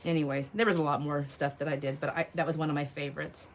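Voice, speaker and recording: A middle-aged woman hosting a craft livestream, telling stories in a casual, animated way and laughing often. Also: sits low, fast talker, slight background noise. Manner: animated, laughs often, acts out quoted voices. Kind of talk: casual storytelling chat while crafting.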